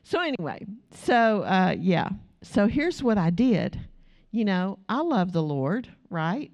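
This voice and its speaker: A woman's voice: mid-range voice, very animated, takes it slowly, a little mellow, dull audio. Chatty woman teaching a church class. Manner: chatty, laughing, asks the group questions. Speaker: Bible study teacher. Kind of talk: church teaching with personal stories.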